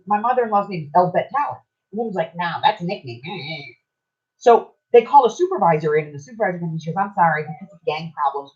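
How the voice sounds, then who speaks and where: A woman's voice: lowish voice, dull audio. Chatty older woman telling a story. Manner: chatty, animated, mimics voices in anecdotes. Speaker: podcast co-host. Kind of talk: casual storytelling.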